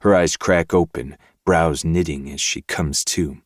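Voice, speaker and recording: A man, the podcast host, narrating a dark novel in first person with steady, measured delivery. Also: extremely low pitch, no room sound, studio quality.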